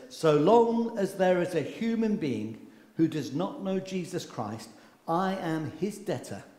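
A man preaching a sermon with passion, swinging from loud outbursts to hushed lines, recorded in a church. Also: a little high. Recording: echoey hall with long reverb.

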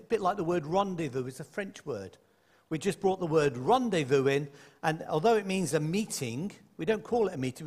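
Man, preacher, sermon, high animated voice, playful asides, reverberant hall. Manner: lively and conversational, with playful asides. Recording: echoey hall.

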